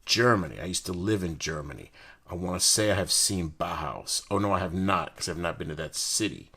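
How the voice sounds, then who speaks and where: A young man from the United States chatting casually and excitedly while opening and reviewing card decks, full of slang and jokes. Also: sits low, brisk, slightly rough. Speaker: card collector host. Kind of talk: casual unboxing chat.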